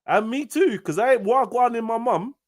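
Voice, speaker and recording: A man in casual chat, animated and slang-heavy, dropping low and soft then rising loud and high. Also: moderate pace, a loud crowd. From United Kingdom. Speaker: livestream host.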